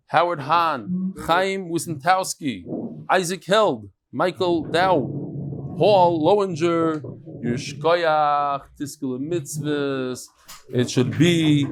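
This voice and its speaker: Male Talmud teacher, slightly high voice, chatty and warm while reading emails to a room of students. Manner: warm, chatty, reads out names and letters quickly. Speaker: Daf Yomi teacher. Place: study hall with a live audience.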